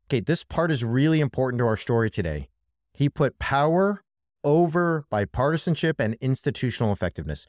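Worked up and emphatic, a man co-hosting a podcast argues politics passionately, speaking straight to his co-host in casual commentary. His mid-range voice is a little mellow, captured dry with clean studio sound.

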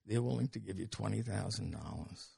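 Older male guest with a gravelly, husky voice, recorded dry and close, who tells stories animatedly and acts out the dialogue. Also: lowish voice, animated, fairly quick, dark tone, dry recording. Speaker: interview guest. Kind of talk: anecdotal storytelling.

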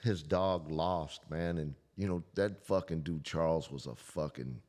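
A man's voice: extremely low pitch, measured pace, a little mellow. A man co-hosting a podcast, joking crudely in casual chat. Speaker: podcast co-host.

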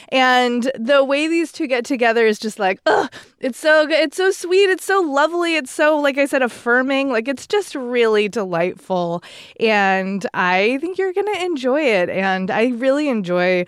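A woman's voice: a little high, clean tone, dry recording, clean studio sound. A woman co-hosting a book podcast, reading listener questions and gushing casually about recommendations. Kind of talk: casual chat.

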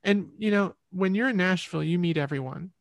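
A woman's voice: lowish voice, fairly quick, no echo. A woman musician, a guest in an interview, telling her story in a rambling, reflective way.

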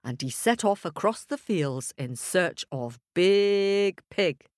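A woman telling a children's story, playful and animated, making sound effects. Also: lowish voice, slow, dry recording, studio quality.

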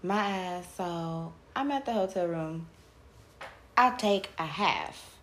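Woman host, relaxed slangy chatter with frequent laughs. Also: fairly low pitch, takes it slowly, slight background noise. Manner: laid-back, laughs often, slangy. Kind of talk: casual chat.

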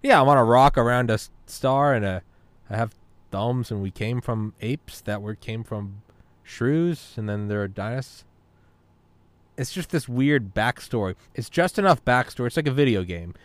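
A man's voice: medium pitch, lively intonation, moderate pace, no echo. A man in casual podcast chat, rambling, swearing and philosophizing as he talks. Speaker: podcast talker.

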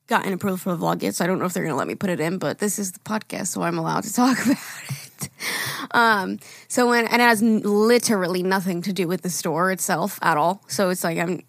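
A woman's voice: lowish voice, quick pace, gravelly, no room sound, studio quality. A young woman co-hosting a podcast, telling stories in a chatty casual way with frequent laughs and casual swearing. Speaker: podcast co-host. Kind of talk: casual chat.

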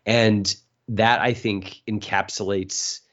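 A lower-voiced man hosts a casual podcast chat and speaks thoughtfully, often restarting his sentences. The audio sounds dull and lo-fi. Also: level tone, fairly bright tone. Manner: thoughtful, halting, many restarts. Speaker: podcast host.

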